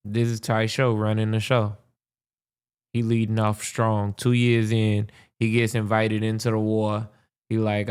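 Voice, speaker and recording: A man's voice: fairly low pitch, monotone, measured pace, a little mellow, clean tone. A man hosting a podcast, reacting to a history video in casual, profane commentary, thinking aloud with restarts.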